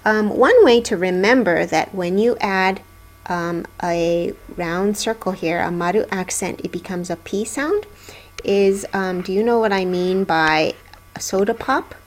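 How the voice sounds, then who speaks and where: Woman teacher, middle-aged, very slow and patient delivery, mid-pitched, for a classroom lesson. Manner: patient, drawn-out syllable drills. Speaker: Japanese teacher.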